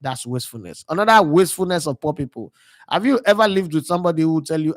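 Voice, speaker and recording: A man's voice: on the high side, quick pace, dry recording. Nigerian man telling rambling stories, dry sound. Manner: digressive storyteller slipping into pidgin. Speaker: sports channel host. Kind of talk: casual monologue.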